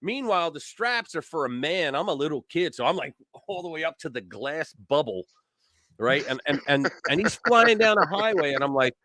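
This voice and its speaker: A man's voice: on the high side, very animated, moderate pace, pushed and bright, no echo. A man in his sixties hosting a casual livestream, telling long rambling stories. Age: 60s. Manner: rambling storyteller who acts out the voices. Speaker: host.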